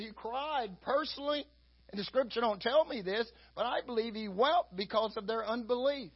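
A man's voice: sits high, slightly rough. A man preaching a sermon in a folksy, conversational way, peppering his talk with "you know". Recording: dull lo-fi recording.

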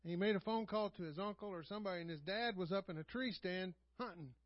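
A man's voice: sits high, quick pace, dry recording, lo-fi sound. A man preaching a sermon to his church, telling stories in a conversational way, chuckling often and asking the congregation rhetorical questions. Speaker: pastor. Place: church sanctuary.

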